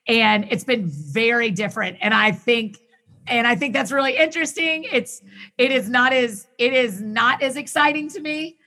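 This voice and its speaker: Bright, eager woman podcast guest. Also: a little high. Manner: enthusiastic, rapid bursts with frequent restarts. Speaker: podcast guest who hosts her own show. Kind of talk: casual conversation.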